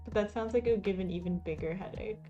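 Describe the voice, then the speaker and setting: A woman's voice: mid-range voice, fast talker, dull audio, music in the background. A young woman streaming and chatting casually, rambling and laughing often as she plays. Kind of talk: casual live-stream chat while playing.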